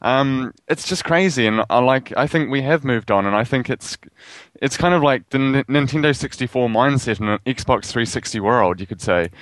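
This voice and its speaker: A man's voice: medium pitch, fairly bright tone, no echo, low-quality recording. A man with a New Zealand accent co-hosting a casual gaming podcast, rambling and laughing as he talks. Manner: rambling, laughs often, reads articles aloud haltingly. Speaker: podcast co-host.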